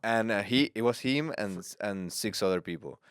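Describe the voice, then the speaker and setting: Casual chat from a lowish-voiced man, halting and giggly. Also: a bit bright, clear, resonant tone, no echo, studio quality. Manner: halting, laughs often, switches into Spanish for bits. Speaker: podcast host.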